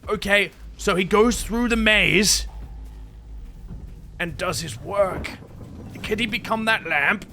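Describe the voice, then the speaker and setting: A man's voice: high-pitched, slow pace, pauses often, pushed and bright, faint music behind. A man giving jumpy, exclamatory commentary while playing a horror game, talking to himself as he goes. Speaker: gamer.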